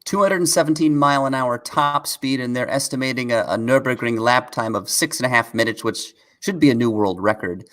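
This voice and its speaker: A man's voice: medium pitch, fairly quick, hardly any pauses, a bit bright. Laid-back man co-hosting a car show. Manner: laid-back, chuckles often, reads out chat questions. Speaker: co-host of a car news show. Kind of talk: casual live-stream chat.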